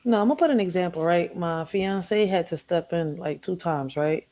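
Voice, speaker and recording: Animated middle-aged woman telling a story. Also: fairly low pitch, moderate pace. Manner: animated, acts out quotes in raised voice. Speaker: guest on a live talk stream. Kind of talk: casual heated chat, storytelling.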